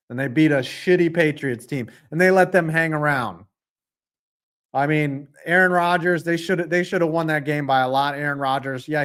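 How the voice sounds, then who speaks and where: A young man hosting a live football reaction stream, ranting with lots of swearing and calling plays with sudden bursts of excitement. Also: fairly high pitch, smooth. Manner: profane, ranting, jumps into excited play calls.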